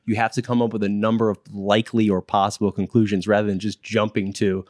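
A man's voice: fairly low pitch, quick pace, hardly any pauses, dry recording, clean studio sound. A man working as a training instructor, explaining in casual interview talk, acting out quotes with many restarts. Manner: animated, acts out quotes, frequent restarts. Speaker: instructor in behavior analysis training.

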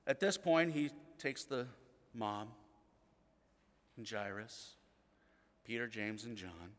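A middle-aged man preaching a sermon as pastor, telling the story earnestly and often dropping to a hushed tone. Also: fairly low pitch, animated, slow, big-room sound.

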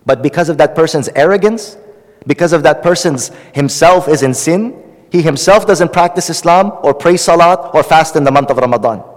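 In a large hall, a man teaching hadith gives an impassioned, pleading sermon, his emphasis rising and falling as he repeats phrases. His voice is fairly high and his pace moderate.

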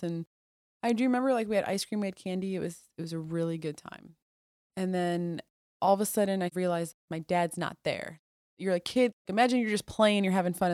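A woman guest on a podcast telling her personal story in a candid, conversational way, with restarts and moments where she drops soft and quiet. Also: lowish voice, smooth, dry recording, clean studio sound. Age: adult. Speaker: podcast guest, Air Force officer.

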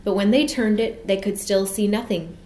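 A woman narrating a children's story in an expressive, measured way. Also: medium pitch. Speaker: audiobook narrator. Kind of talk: storybook reading. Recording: echoey room with faint hiss.

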